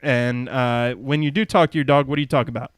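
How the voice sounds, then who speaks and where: A man's voice: mid-range voice, steady tone, fairly quick, no echo. A man who hosts a podcast, telling a rambling, folksy story and laughing often. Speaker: podcast host.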